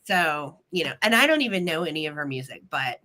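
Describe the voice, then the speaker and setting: A woman from Missouri hosts a casual live-stream sale, greeting each viewer by name. Her voice is bright and clear, and it swoops up and down with lots of lively pitch movement. She sounds a little choked up, with a slight cough. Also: a little fast. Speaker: live vintage sale host.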